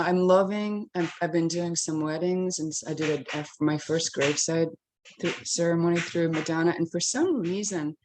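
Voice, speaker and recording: Older woman minister, low voice, choked up, stop-start personal sharing. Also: noisy background. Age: 60s. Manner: halting, emotional, with many restarts. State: tearful. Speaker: interfaith minister. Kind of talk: personal sharing in a faith circle.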